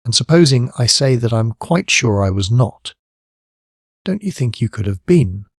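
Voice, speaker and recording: A man reading a steady, shrewd police superintendent. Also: medium pitch, no room sound, studio quality. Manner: measured, steady and quietly firm.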